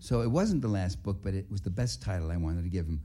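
A man speaks to an audience in a low, warm voice. He tells his stories in a rambling way, with restarts and asides, and he sounds indignant as he goes. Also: animated, fast talker. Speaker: writer and activist speaker. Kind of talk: public talk with anecdotes.

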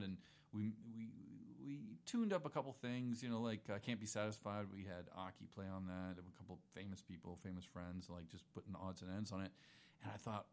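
A man in casual conversation, a musician guest who talks in a laid-back, rambling way, full of slang and asides. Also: fairly low pitch.

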